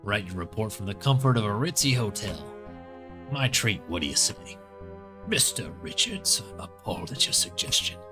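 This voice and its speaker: A man's voice: lowish voice, big pitch swings, moderate pace, over music. A man voicing game characters in a put-on southern drawl, drawling and mock-formal. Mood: scheming.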